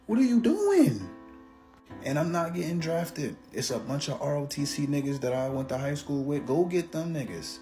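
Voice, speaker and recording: A man's voice: fairly high pitch, fairly quick, hardly any pauses, a little mellow, faint music behind. Man joking through a casual rant. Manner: joking, exaggerated, profane.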